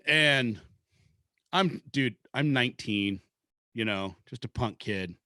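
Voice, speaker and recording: A man's voice: mid-range voice, expressive, slow pace, bright, forceful tone, no echo, studio quality. A man from Seattle telling a long rambling story in casual podcast chat, swearing freely. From Seattle, Washington. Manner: rambling, profane, laid-back storyteller. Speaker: podcast host.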